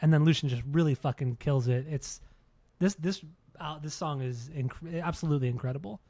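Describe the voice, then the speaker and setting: A man's voice: fairly high pitch, a little fast, mellow, no room sound. A man co-hosting a podcast, chatting casually about music with enthusiasm, swearing often and restarting his words. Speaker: podcast co-host.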